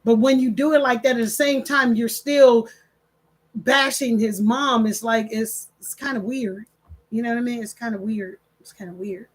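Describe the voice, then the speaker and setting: High-voiced woman hosting a livestream. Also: fairly even intonation, normal speed. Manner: emphatic, repeats phrases for stress; addresses viewers directly, preachy. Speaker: livestream host. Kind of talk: casual livestream chat, reading viewer comments.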